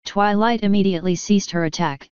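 A woman narrating a fan fiction story in an even, steady reading, in a slightly dull, dry recording. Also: medium pitch, fairly quick, clean tone, no echo.

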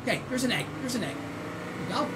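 A woman from Canada hosting a gaming channel, giving excitable let's-play commentary with squeals, shouts and laughter. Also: a little high, a little fast. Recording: distant mic with loud game noise.

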